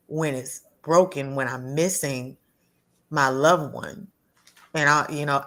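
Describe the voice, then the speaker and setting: A woman telling a heartfelt personal story as a guest, earnest and halting, often restarting and repeating words. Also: low voice, a bit bright. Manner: acts out quoted voices of others in her story.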